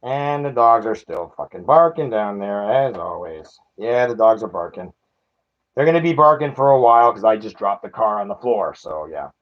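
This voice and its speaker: A man's voice: on the low side, lively intonation, moderate pace, phone-quality sound. A man chatting casually while unboxing a collectible toy car, self-mocking and laughing at himself.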